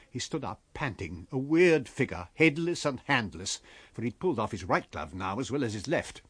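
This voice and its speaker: A male audiobook narrator reads in an expressive, storytelling way, and his pitch rises and falls a lot. His voice has a slightly husky edge. The reading sounds close and dry, with no room around it. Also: normal speed, no room sound. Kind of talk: scripted narration.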